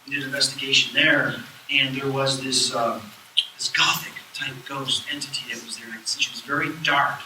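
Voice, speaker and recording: At moderate pace, a man with a mid-range voice gives a live lecture, casually spinning stories and animatedly voicing the quoted lines. The lecture hall recording is echoey, distant and has a noisy background.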